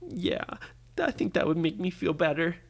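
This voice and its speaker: A storyteller voicing a timid little girl adventurer in a bedtime story, with a high, shaky, stammering voice. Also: animated, normal speed, vocal fry. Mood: delighted.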